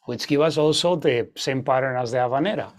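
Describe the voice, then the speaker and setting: A man's voice: medium pitch, a little fast. A man teaching an online guitar masterclass, explaining rhythms with frequent fillers and "okay?" check-ins.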